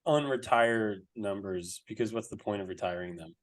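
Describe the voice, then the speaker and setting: A young man co-hosting a sports podcast, excitable and swearing, laughing often as he talks. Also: lowish voice, moderate pace. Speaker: podcast co-host.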